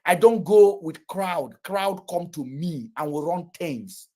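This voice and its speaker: Nigerian male host, casual storyteller, blunt and boastful, husky mid-pitched voice. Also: slow pace, dark tone. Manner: blunt, boastful, swears freely. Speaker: podcast host.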